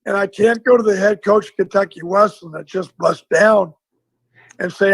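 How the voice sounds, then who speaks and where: A man, a former football coach, telling a lively story in a casual interview and acting out the dialogue. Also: high-pitched, moderate pace, vocal fry, breathy edge, no room sound, low-quality recording. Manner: animated storyteller, acts out dialogue.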